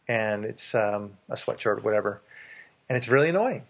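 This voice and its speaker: A man's voice: fairly low pitch, lively intonation, a little fast, gravelly, breathy edge. A man hosting a casual advice chat, emphatic and repeating words for stress as he tells anecdotes from his work.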